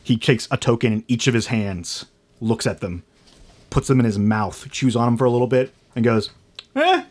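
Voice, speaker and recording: A man's voice: medium pitch, moderate pace, darkish tone. A man narrating a tabletop game as game master, in a casual, loose way with lots of fillers.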